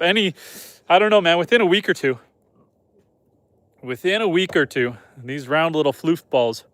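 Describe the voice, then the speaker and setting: Relaxed male homesteader on a livestream. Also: sits high, dry recording. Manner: relaxed, reads viewer comments aloud and talks to animals. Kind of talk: casual livestream chat. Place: outdoors on a farm at night.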